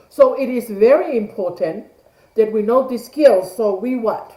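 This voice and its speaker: A woman's voice: a little high, a little slow, dark tone, echoey room, low-quality recording. A middle-aged woman, leading an online class and asking rhetorical questions that she answers herself. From Tonga. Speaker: class leader. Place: home room on a video call. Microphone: video call mic.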